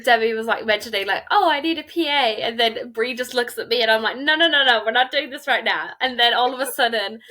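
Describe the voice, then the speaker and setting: Bright young woman, relaxed podcast chat. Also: on the high side, quick pace, few pauses. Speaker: podcast co-host. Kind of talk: casual chat.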